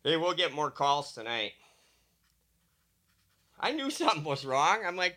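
A man's voice: a little high, sing-song, measured pace, pauses often, sharp tone. A man hosting a radio show, chatting casually and joking at his own expense, with a voice he puts down to years of smoking. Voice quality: smoker's voice. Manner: self-deprecating, joking. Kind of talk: casual on-air chat.

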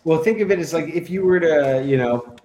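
A man's voice: fairly high pitch, a little fast, a little mellow, slight background noise, rough recording. A man speaking as a guest on a radio talk show, telling light stories in a playful way with frequent laughter. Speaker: guest editor. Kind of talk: casual radio chat.

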